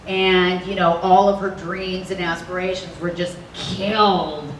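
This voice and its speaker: Brief: bubbly panel-guest actress, lively, laughs a lot; roomy hall sound, distant mic. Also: female voice, on the low side, measured pace, slight background noise. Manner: animated, bubbly, laughs often. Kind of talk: convention panel Q&A. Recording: echoey hall audio from a distance.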